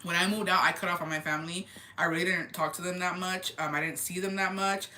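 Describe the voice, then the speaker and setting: A young woman casually and candidly retelling a family story, animated, with lots of "like" and quoted dialogue. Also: lowish voice, fast talker, slight background noise. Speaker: storyteller on a chat show. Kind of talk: casual chat.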